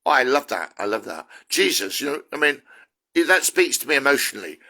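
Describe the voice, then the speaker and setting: A man's voice: mid-range voice, big pitch swings, a little fast, bright, forceful tone. A man from the UK, a self-styled prophet, giving an earnest, rambling spiritual monologue with many restarts.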